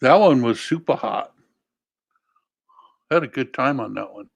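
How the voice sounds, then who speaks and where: A man's voice: mid-range voice, lively intonation, moderate pace, gravelly, breathy edge. A man in a casual online panel chat, laid-back and joking. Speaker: panel co-host.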